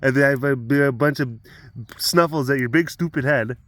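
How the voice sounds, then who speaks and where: A man's voice: mid-range voice, moderate pace, a bit bright, no room sound. A man, a big cat keeper telling stories in a casual vlog, rambling with many fillers and chuckles.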